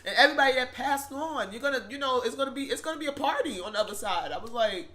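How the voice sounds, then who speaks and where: Bright-voiced heartfelt storyteller. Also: sits high, animated, fast talker. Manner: rambling, heartfelt, repeats itself with many fillers. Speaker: spiritual shop owner and vlogger. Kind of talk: casual storytime monologue.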